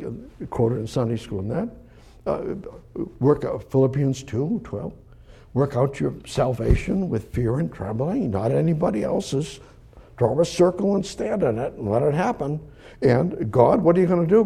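Husky-voiced man preaching, talks to God. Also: medium pitch, dark tone. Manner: talks directly to God in rhetorical questions. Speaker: pastor. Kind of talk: sermon with Bible reading. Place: church service.

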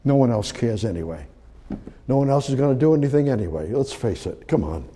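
Guy preaching a sermon, reads verses then riffs on them, goes loud then drops to a hush, kinda husky. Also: mid-range voice, lively intonation, a little fast. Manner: swings from loud emphatic rises to hushed near-whispers; reads scripture aloud and comments between verses.

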